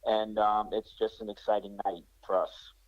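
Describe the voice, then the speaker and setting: A soft-spoken man with a Long Island accent talks as a college hockey coach, his voice low and his answers broken up with "um". The call audio is dry, close and dull. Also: little pitch movement, moderate pace, no room sound. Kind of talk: phone-in interview.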